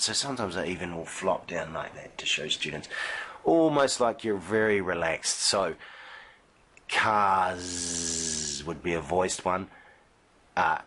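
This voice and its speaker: A man's voice: low voice, fairly bright tone. A man teaching an exam pronunciation lesson to camera, patient and demonstrative, stretching some sounds long and punching others out short. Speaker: IELTS teacher.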